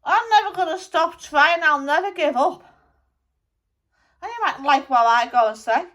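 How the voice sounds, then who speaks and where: A woman's voice: sits high, animated, normal speed, a bit bright, voice pushed up. A woman channelling the spirit of a blunt, angry male rock musician, scolding and swearing at listeners. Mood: ranting.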